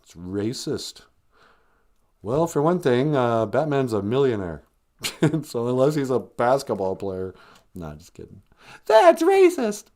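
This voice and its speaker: A man's voice: mid-range voice, expressive, a little slow, darkish tone. A man hosting a comedy podcast, rambling sarcastically with mumbled asides. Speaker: podcast host.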